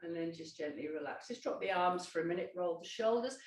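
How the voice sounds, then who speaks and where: A woman, a Pilates instructor gently guiding a seated exercise, with calm instructions and small self-corrections. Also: on the low side, a little fast, recorded from a distance. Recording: echoey room, voice off-mic.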